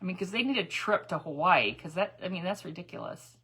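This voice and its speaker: A woman's voice: lowish voice, lively intonation, fairly quick, sharp tone, slightly rough, rough recording. A middle-aged woman hosting a crafting live stream, telling rambling stories and laughing often as she greets viewers. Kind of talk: chatty storytelling while dyeing eggs.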